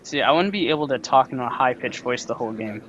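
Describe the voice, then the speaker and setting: Male player, mid pitch, easygoing, muffled lo-fi mic. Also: animated, quick pace, fairly bright tone. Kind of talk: casual tabletop game chat.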